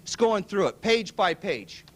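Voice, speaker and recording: Male seminar speaker; excitable storyteller, high, swooping pitch. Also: a little slow, a little hiss or hum. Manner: animated, excitable, laughs at his own story. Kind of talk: storytelling to a live audience.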